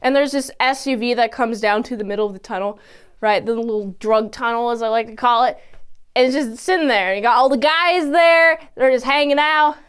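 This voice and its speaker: High, lively woman recapping a TV episode. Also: fairly quick, clear, resonant tone. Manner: animated, exclamatory, acts out characters' lines. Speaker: TV episode reviewer.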